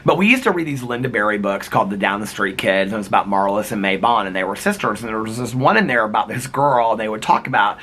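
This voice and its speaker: A man's voice: lowish voice, fast, few pauses, bright, forceful tone, husky. A middle-aged man vlogging in casual chat, rambling from story to story, laughing often and quoting old movie lines. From United States.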